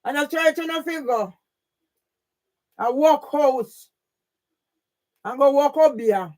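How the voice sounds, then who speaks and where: A woman with a Jamaican accent ranting on a live stream, emphatic, often shouting and swearing, with frequent questioning tags. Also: high-pitched, lively intonation, slow pace. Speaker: YouTube livestreamer.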